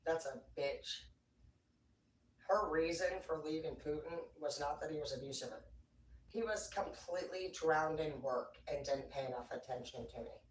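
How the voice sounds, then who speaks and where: An excitable livestreamer rants in a loose, profane ramble, swinging from quiet asides to loud bursts. The voice sits at a middling pitch and sounds distant from the mic. A roomy echo and faint background noise fill the space around it. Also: moderate pace.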